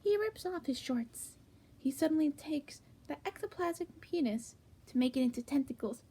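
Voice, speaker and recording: A woman reading comedic fanfic aloud in a hushed, half-whispered voice with sudden jumps in pitch. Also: animated, normal speed. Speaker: fanfic reader.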